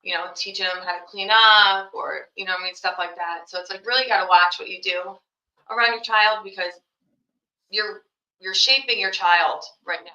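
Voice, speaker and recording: A woman's voice: medium pitch, fairly even intonation, moderate pace, sharp tone. A young woman, a mother, answering interview questions in a casual, rambling way full of fillers. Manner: rambling, heavy on fillers like "you know" and "like". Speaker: podcast guest, young mother. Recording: roomy, dull lo-fi sound.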